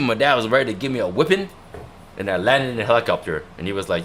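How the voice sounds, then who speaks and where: A man hosting a casual livestream, talking in an excited, rambling way and often repeating himself. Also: mid-range voice, fast talker, slight background noise. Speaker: livestream host. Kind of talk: casual chat.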